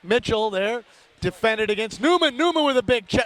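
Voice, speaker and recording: Male play-by-play hockey announcer, very high voice, rapid name calls, chatty asides to listeners. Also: animated. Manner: rapid-fire calls of player names, rising to shouts on big plays. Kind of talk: live play-by-play commentary.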